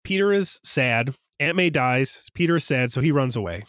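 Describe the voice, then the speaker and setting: A young man casually recapping a movie on a podcast, animated and acting out quoted lines. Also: mid-range voice, normal speed, no echo, clean studio sound. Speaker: podcast co-host.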